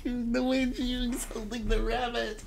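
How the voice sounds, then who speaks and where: A host reacting to a music video, excitable and gushing, often laughing and squealing. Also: mid-range voice, a little slow, creaky, noisy background. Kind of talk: casual reaction commentary. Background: music video playing.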